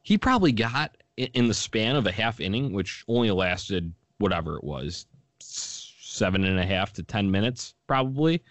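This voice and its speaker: Casting: very low-voiced male host, dry close sound, lively recap, frequent laughter. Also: moderate pace, dry recording. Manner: animated, laughing, quoting others in lively bursts. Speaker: sports podcast host. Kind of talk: casual sports chat.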